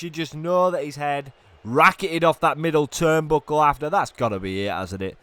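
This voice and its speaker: A man doing excited play-by-play commentary on a wrestling video game while ill, dropping to low mutters and then bursting into shouts. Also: moderate pace, clear, resonant tone, no echo. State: ill, coughing.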